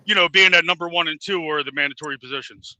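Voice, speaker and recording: A high, very bright man's voice talks fast and insistently, running down facts in a heated boxing panel debate. The sound is dry and close. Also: dry recording, low-quality recording. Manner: fast-talking, pressing, insistent questions.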